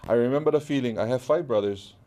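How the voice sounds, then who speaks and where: At a fast clip, a middle-aged man from Hawaii speaks in a warm, medium-pitched voice with a Hawaiian accent. As a guest artist in a casual interview, he tells stories animatedly and acts out the dialogue.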